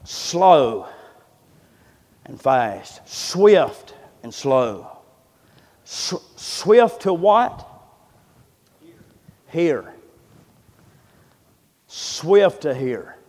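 A man's voice: a little high, sing-song, very slow, pauses often, darkish tone. A man preaching a sermon, impassioned and folksy, often repeating words as he builds up. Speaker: pastor. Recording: long reverb of a large hall.

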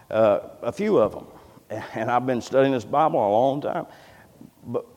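A man preaching a sermon in a church, fervent and emphatic, swinging between loud cries and quiet asides, repeating words as he builds. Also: mid-range voice. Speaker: pastor. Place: church sanctuary. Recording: echoey church hall sound.

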